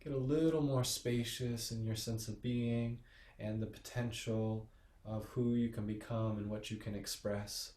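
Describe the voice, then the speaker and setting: A man leading a restorative yoga class with slow, soothing, gently encouraging guidance and meditation cues. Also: on the low side, fairly even intonation. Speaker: yoga teacher. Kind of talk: guided meditation and yoga instruction. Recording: echoey room.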